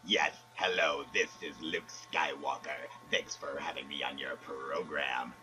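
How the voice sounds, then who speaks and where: Emperor Palpatine as a man puts him on, low and mumbly. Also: steady tone, measured pace, over music, poor audio. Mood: innocent. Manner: low, mumbling, mock-innocent denials. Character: lying old male Sith emperor posing as a hero. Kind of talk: prank call-in skit.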